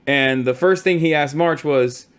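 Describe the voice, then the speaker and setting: A man's voice: fairly high pitch, unhurried, smooth. Tired, profane man telling stream stories. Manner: profane, animated storytelling with mock quotes. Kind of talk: casual stream chat. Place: hotel room.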